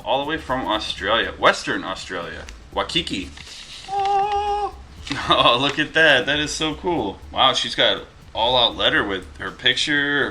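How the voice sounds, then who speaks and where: A man's voice: mid-range voice, bright, forceful tone. Man, 30s, from Western New York, casual vlog, chatty asides, faint background noise. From Western New York, USA. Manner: chatty, reads letters aloud with asides. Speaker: vlogger reading viewer mail. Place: home with dogs around. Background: dogs wrestling.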